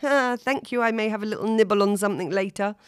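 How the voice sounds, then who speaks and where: A woman's voice: mid-range voice, fast, smooth, dry recording, studio quality, voice pushed up, close to an everyday voice. A woman reading aloud and voicing a vain, tipsy young female model, gushing and self-absorbed.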